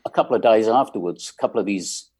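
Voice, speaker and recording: English guy around 60, low husky mellow voice, easygoing storyteller with lots of ums. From England. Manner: unhurried, wry anecdotes with many ums. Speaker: musician guest. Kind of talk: casual interview storytelling.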